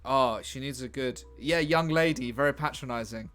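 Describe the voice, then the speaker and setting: A man's voice: medium pitch, normal speed, fairly bright tone, faint music behind. A man chatting casually on a live stream while he writes a script, musing aloud. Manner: musing aloud, chatty, laughs at his own ideas.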